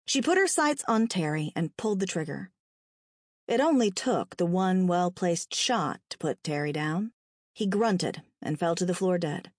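A woman reading a dark story aloud with a dramatic, expressive delivery. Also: on the low side, unhurried, no room sound, clean studio sound. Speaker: narrator.

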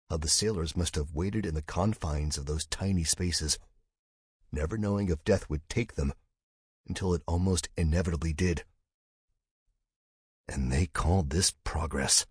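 A man reading a science-fiction audiobook in a measured, steady scripted narration. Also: low voice, husky, no echo, clean studio sound.

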